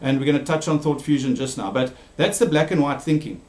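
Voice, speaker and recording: A man telling a children's story and giving an online talk, animated and lively. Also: a little fast. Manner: animated, shifting pitch for characters. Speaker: presenter. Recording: echoey room.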